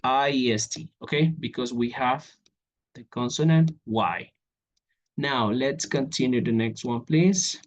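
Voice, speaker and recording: Male English teacher, online lesson, steady mid voice, frequent check-ins. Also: mid-range voice, unhurried. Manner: repeats "okay?" often, walks through examples on a board.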